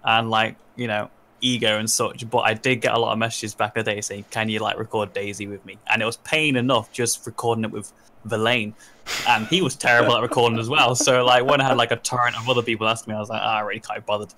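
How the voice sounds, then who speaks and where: A man's voice: fairly low pitch, little pitch movement, quick pace, bright, forceful tone, a little hiss or hum. A man co-hosting a gaming podcast, reminiscing casually with self-deprecating jokes. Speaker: podcast co-host. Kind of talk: casual chat.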